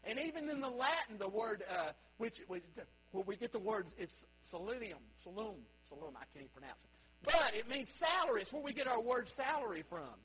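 A man's voice: very high voice, big pitch swings, fairly quick, fairly bright tone, breathy edge, rough recording. A man preaching a sermon as pastor, emphatic and full of rhetorical questions.

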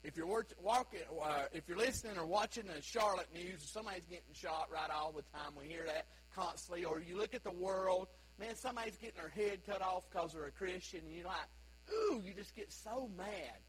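A man's voice: sits high, a little fast, fairly bright tone, husky, poor audio. A man preaching a sermon as pastor, emphatic and full of rhetorical questions.

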